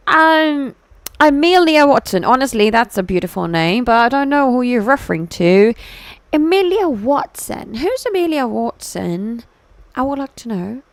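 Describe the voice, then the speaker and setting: A woman's voice: on the high side, dry recording. A woman VTuber chatting with her live-stream viewers, giggling, answering chat messages playfully and switching between English and Hindi.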